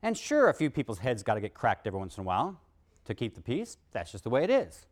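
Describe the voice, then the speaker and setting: A man giving a classroom lecture, leading his students in a group chant and then explaining the text in a lively, engaged way. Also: medium pitch, fast talker. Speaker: university lecturer.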